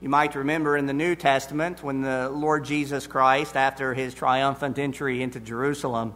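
A man preaching an expository sermon, deliberate and emphatic, repeating his key phrases. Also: mid-range voice, level tone, fairly bright tone.

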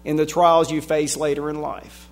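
A man preaching a sermon, reading scripture aloud and swinging from hushed passages to shouted emphasis. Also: a little high, little pitch movement, moderate pace, a little hiss or hum. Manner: reads scripture in King James wording.

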